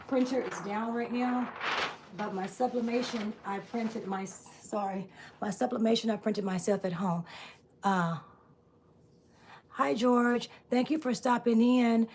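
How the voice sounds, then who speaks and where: A woman's voice: fairly high pitch, darkish tone, a little hiss or hum. A woman hosting a live stream from her home workspace, chatting casually with viewers, greeting them by name and asking them to subscribe. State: out of breath. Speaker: live-stream host making t-shirts.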